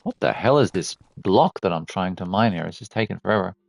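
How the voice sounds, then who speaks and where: Excitable man commentating a game. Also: low voice, brisk, gravelly. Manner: excitable, swears, yelps at surprises. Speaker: let's play streamer. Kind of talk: casual gameplay commentary.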